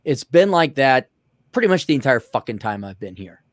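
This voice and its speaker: A man's voice: mid-range voice, big pitch swings, normal speed, no echo. Profane ranting man, dry close sound. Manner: profane, ranting storyteller acting out quoted people. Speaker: podcast co-host. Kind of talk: casual podcast chat.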